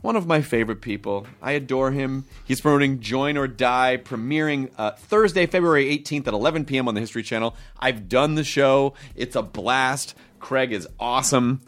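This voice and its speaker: A man's voice: mid-range voice, normal speed, few pauses, a bit bright. A man hosting a podcast, riffing crudely and playfully in casual chat. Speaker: podcast host.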